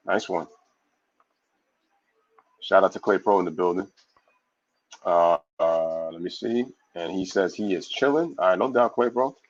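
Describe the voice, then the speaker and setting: Low-voiced guy on a live sports stream reading chat and shouting out viewers, kinda muffled lo-fi audio. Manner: reads viewer comments aloud and gives shout-outs; loose, slangy, animated opinions. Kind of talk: casual live-stream talk.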